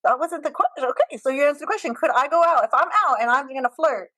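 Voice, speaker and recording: A woman's voice: sits high, fast talker, fairly bright tone, no room sound. A woman hosting a podcast, chatting casually and pressing her guests with teasing, pointed questions. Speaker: podcast host. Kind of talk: casual chat.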